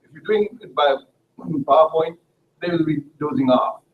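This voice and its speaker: A man's voice: a little high, moderate pace. A man in a class describing a workplace method. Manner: explanatory, business-minded. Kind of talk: classroom discussion. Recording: phone-like sound with faint noise.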